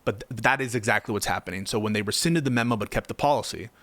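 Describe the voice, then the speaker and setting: A man's voice: fairly low pitch, quick pace, a bit bright, no room sound. A man giving impassioned political commentary, heated and sarcastic, firing off rhetorical questions.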